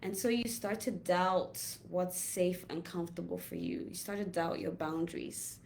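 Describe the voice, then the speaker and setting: Gentle, reflective woman coach, lowish voice. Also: vocal fry, slight background noise. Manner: gentle, reflective, drawn-out pauses. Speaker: holistic health coach. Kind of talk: casual inspirational talk.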